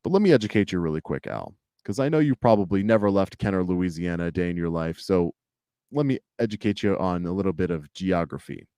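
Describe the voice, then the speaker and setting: A man's voice: deep voice, lively intonation, fairly quick, warm tone, clean tone, dry recording, clean studio sound. A man from Long Island, hosting a commentary video in a sarcastic, lecturing way. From Long Island, New York. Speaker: channel host.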